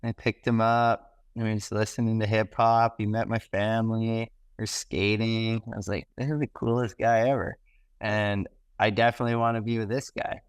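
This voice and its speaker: A man's voice: on the low side, moderate pace, clear, resonant tone, dry recording. A young man from Canada, a podcast guest, telling stories in an enthusiastic, slangy way and acting out what people said. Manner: enthusiastic, animated, slangy, acts out quotes. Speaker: podcast guest, pro snowboarder. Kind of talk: casual podcast storytelling.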